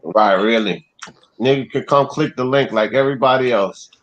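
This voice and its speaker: A man joins a livestream by call and talks casually with a dismissive shrug in his words. His voice sits in an ordinary middle pitch. The audio is dull and lo-fi. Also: moderate pace. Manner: offhand, dismissive. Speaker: livestream caller. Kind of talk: casual chat.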